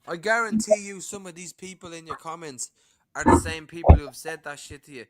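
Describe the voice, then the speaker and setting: A man's voice: a little high, a little fast, darkish tone. A man talking in a casual livestream chat as a panel guest, combative, sweary and mocking.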